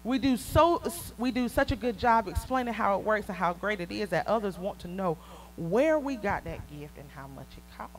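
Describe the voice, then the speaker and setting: A woman with a Southern US accent preaching a conversational sermon, laughing often and rising to excited peaks. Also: mid-range voice, normal speed, a little hiss or hum, rough recording. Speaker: prophetess preaching.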